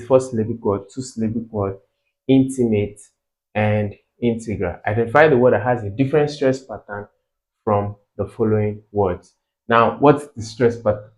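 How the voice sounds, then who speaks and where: A man with a Nigerian English accent tutoring exam English, slowly repeating words to drill their pronunciation. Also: medium pitch, darkish tone, poor audio. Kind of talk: tutorial explanation.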